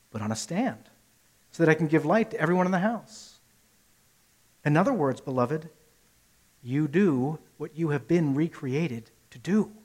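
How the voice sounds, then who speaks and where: A man preaching a sermon with earnest, emphatic delivery, using rhetorical questions and repetition, rising to loud peaks and dropping soft. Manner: earnest, rises to emphatic peaks then drops low. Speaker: pastor.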